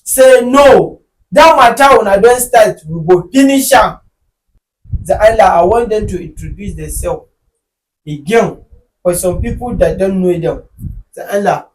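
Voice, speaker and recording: High-voiced Nigerian man hosting, animated. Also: unhurried, pauses often, rough recording. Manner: animated, joking, bursts into shouting. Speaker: podcast host. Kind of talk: casual chat.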